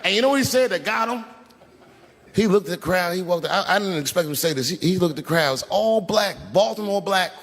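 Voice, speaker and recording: A man doing a stand-up comedy set on stage, telling stories in an animated way and acting out other people's lines. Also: high voice, brisk. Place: theater stage before a live audience. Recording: live stage recording with crowd and hall echo.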